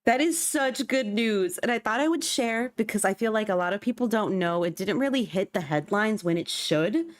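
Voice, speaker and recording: A woman's voice: medium pitch, animated, moderate pace, few pauses, dry recording, clean studio sound. Young female streamer, bubbly casual chatter, mid-range voice. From California. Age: young adult. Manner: bubbly, chatty, breaks into squeals and gasps. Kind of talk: casual livestream chat while gaming.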